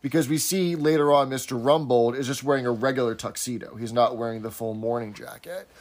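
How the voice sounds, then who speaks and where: A man's voice: mid-range voice, steady tone, fairly quick. A man co-hosting a podcast, chatting casually and recapping scenes. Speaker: podcast co-host. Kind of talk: casual chat.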